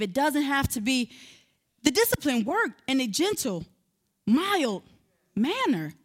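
A woman, giving a sermon-style talk and telling a personal story to her listeners. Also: high voice. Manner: animated storyteller, addresses listeners directly. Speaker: speaker teaching on parenting.

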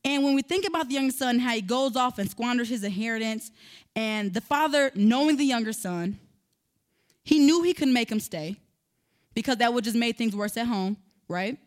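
A woman's voice: on the high side, animated, moderate pace. A woman preaching a sermon in a conversational way, building to emphatic, rising passages.

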